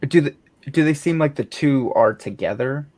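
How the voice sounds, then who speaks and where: A woman's voice: extremely low pitch, animated, moderate pace, a little mellow. A woman playing a tabletop game, asking eager, pushy questions. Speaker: player.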